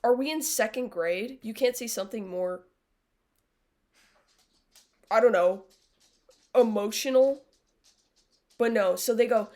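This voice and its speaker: A woman's voice: fairly high pitch, measured pace, long pauses, darkish tone. A young adult woman live-streaming, chatting casually with viewers in a blunt, sarcastic way, swearing freely. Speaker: livestreamer.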